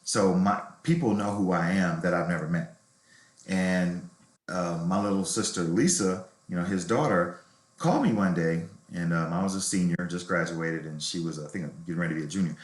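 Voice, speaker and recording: Man, middle-aged, low voice, candid reflective storyteller, roomy echo. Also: normal speed. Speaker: novelist guest. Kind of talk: storytelling interview.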